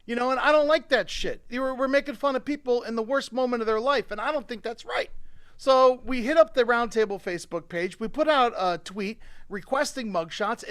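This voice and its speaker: A man hosting a live-streamed comedy show, swearing freely and swinging between quiet asides and excited shouting. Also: extremely high pitch, clean tone, no room sound, clean studio sound. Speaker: show host.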